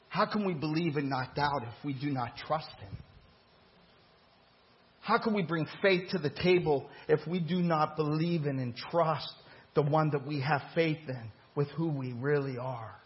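A male pastor preaches to his congregation, voicing the people in his story as he builds toward each point. His voice sits a little high for a man, and the recording is dull and lo-fi. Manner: preaching with rising emphasis and dramatized quotes. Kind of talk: sermon. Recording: muffled lo-fi church recording.

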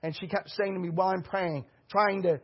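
A man's voice: high voice, steady tone, a little fast, husky. A man preaching a sermon, telling a story and urging his listeners on with repeated exhortations. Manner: urgent, repetitive exhortation. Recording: dull lo-fi recording.

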